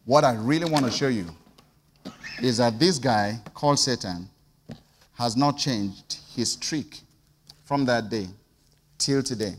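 A man preaching a sermon, firing off rhetorical questions and swinging between loud outbursts and quiet asides. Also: medium pitch, unhurried, long pauses, big-room sound, a little hiss or hum.

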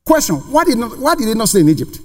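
A man's voice: very high voice, big pitch swings, quick pace. A man preaching a sermon to a congregation in a church, emphatic and full of rhetorical questions. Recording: long reverb of a large hall.

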